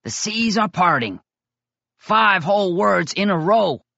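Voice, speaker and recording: A man's voice: sits high, animated, a little slow, gravelly, bright, forceful tone, dry recording, dull audio, pitched above the performer's own voice, exaggerated voice. A man voicing a friendly, joking boarding-school boy who teases his new friend in a playful manner. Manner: teasing, playful.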